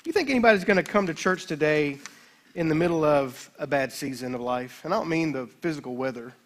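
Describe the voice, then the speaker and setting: A man pastor preaching a sermon in a church, emphatic and slowing right down when he reads scripture aloud. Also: on the high side. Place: church sanctuary.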